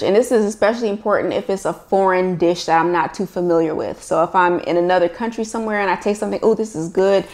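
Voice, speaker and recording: A woman's voice: on the low side, gravelly. A woman in her thirties from Los Angeles, casually and animatedly explaining how she recreates recipes. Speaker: recipe developer. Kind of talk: casual storytelling interview.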